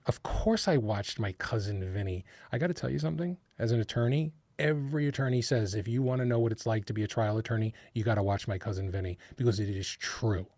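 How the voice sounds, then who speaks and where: A middle-aged man with a New York accent, hosting a live true-crime stream in a rambling, animated way. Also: mid-range voice, no echo. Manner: rambling, restarts, animated asides. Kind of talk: casual live-stream talk.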